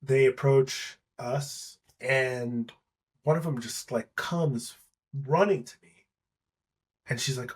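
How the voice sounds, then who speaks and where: A man, an actor guest, in casual chat, telling animated stories and swearing freely. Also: mid-range voice, slow, long pauses, slightly rough. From Palestinian family.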